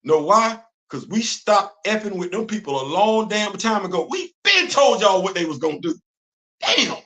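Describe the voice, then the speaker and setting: Speaking at a normal pace, this livestream host rants in a high, animated voice, cycling back over the same points. His commentary is casual, full of slang, and broken up by frequent laughter.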